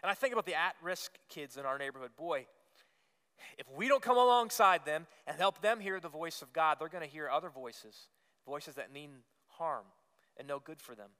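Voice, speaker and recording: A man's voice: a little high, lively intonation, moderate pace, pushed and bright, clear, resonant tone. A man preaching a sermon as pastor, earnest and emphatic, repeating phrases and rising on key words. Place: church sanctuary. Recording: long reverb of a church hall.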